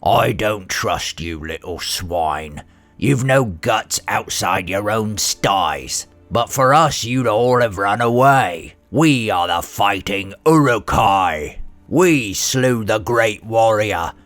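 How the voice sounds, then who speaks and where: A man's voice: on the low side, animated, slow pace, a bit bright, no room sound, soft background music, full character voice. A man voicing a boastful, brutish male orc warrior captain with a growling, domineering delivery.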